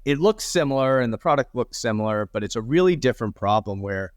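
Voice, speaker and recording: A man's voice: medium pitch, lively intonation, fast talker, no room sound, studio quality. A man as a guest on a podcast, explaining his company's tool in an easygoing way with light laughs. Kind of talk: casual podcast interview.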